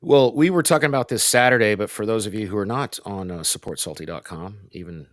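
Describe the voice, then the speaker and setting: A man in his forties co-hosting a casual movie-review chat, telling stories in a rambling, animated way. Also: fairly low pitch, quick pace, no echo. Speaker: podcast co-host.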